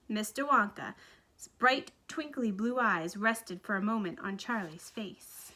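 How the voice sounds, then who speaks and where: A woman reading a children's book aloud with lively, expressive narration. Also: mid-range voice, slow pace. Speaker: storybook reader.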